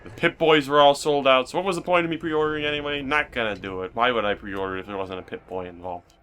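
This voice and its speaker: A man's voice: medium pitch, steady tone, quick pace, a bit bright, smooth. A young man co-hosting a video game let's play, joking around and rambling with many restarts. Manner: jokey, rambling with repeated restarts. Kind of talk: casual gameplay chat.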